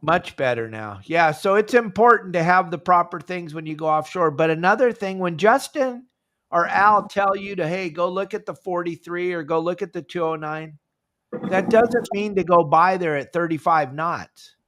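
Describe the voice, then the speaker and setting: Male podcast host, slightly high voice, animated and chatty, acts out callers, video-call sound. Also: normal speed, slight background noise. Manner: animated, acts out phone calls in raised voice. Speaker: fishing show host. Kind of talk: casual podcast chat.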